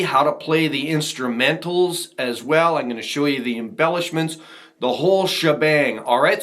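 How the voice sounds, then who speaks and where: A man teaching a ukulele strumming lesson, talking to viewers in a relaxed, encouraging way. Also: a little high. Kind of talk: casual instructional talk. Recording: ukulele playing behind voice.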